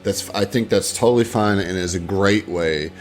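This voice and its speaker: Low-pitched male co-host, relaxed advice-giver who hedges a lot, soft music in the background. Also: moderate pace. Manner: easygoing advice-giving, hedges with "I mean" and "like". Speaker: podcast co-host. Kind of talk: casual podcast chat.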